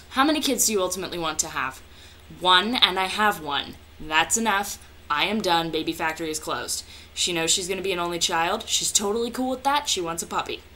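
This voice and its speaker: A woman's voice: on the low side, fairly bright tone, a little hiss or hum. A young woman chatting casually as a vlogger, answering viewer questions in a hyper, jokey way with plenty of swearing. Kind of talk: casual chat.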